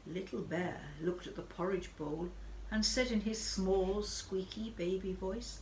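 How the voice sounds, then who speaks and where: A woman narrating a children's story in an expressive, sing-song manner. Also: medium pitch, measured pace, a little hiss or hum. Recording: echoey room.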